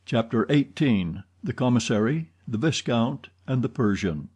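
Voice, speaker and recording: A man narrating a classic novel as an audiobook, in steady, even storytelling. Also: mid-range voice, measured pace, breathy edge. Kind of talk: scripted narration.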